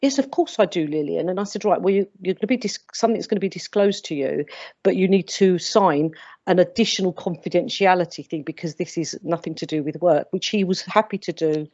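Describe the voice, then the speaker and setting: A woman's voice: lowish voice, fairly quick, a little mellow, no echo, muffled recording. A woman, a mediator on a video panel, telling a case story earnestly with many hesitant restarts.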